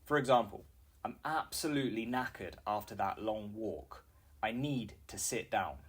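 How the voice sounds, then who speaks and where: A young British man, an English teacher, calmly explaining informal slang to learners and acting out example sentences. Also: fairly low pitch. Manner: slow, clear teaching delivery with acted example sentences.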